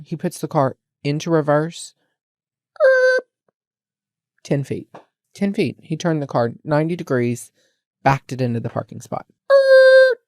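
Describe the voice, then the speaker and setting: A young woman telling a story in a casual, animated vlog rant, exasperated and repeating lines for effect. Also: low voice, no echo, clean studio sound. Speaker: vlogger.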